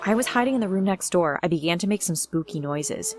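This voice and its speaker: A woman's voice: fairly low pitch, lively intonation, quick pace, darkish tone. A young woman giving a dramatic first-person storytime narration. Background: faint music.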